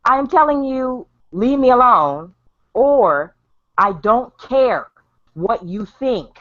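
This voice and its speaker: A woman's voice: fairly high pitch, animated, takes it slowly, a bit bright, dull audio. A woman hosting a casual online chat show, talking bluntly and laughing often over a voice call. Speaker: show host.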